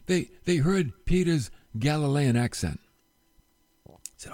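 A man preaching a sermon, retelling a Bible story with animated storytelling and rhetorical questions, going low and soft at solemn moments. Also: unhurried, long pauses, no echo. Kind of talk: sermon podcast.

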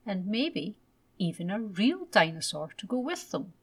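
A woman gently and expressively reading a children's bedtime story aloud. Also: medium pitch, sing-song, unhurried, breathy edge.

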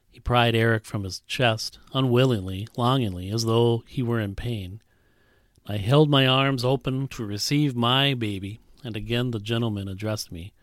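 A male pastor preaching, reading a story aloud and voicing its characters, earnest and dropping to a soft hush at tender moments. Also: steady tone, normal speed, no echo, studio quality. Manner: reads a story aloud, voicing characters with big pitch jumps. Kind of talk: sermon with read-aloud story.

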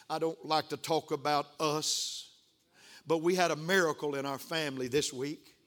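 An older male pastor preaching a sermon, emotional and building to excited outbursts. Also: on the high side.

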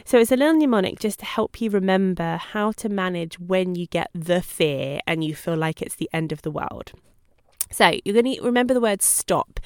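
A woman's voice: medium pitch, expressive, moderate pace, clean tone, no room sound. Chatty woman dog trainer, dry sound. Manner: chatty, laughs between points. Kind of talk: talking-head lesson.

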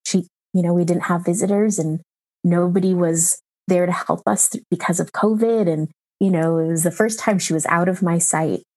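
A woman in her thirties, a mother recounting a hard experience in an interview, emotional and halting with many pauses and fillers. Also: lowish voice, fairly even intonation, darkish tone. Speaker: mother telling her story. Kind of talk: personal account in an interview.

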